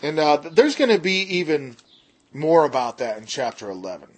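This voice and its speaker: A man teaching a casual Bible study, explaining in emphatic bursts and slowing down to stress key words, with jokey asides. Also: a little high, big pitch swings, breathy edge. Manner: jokey, self-deprecating asides.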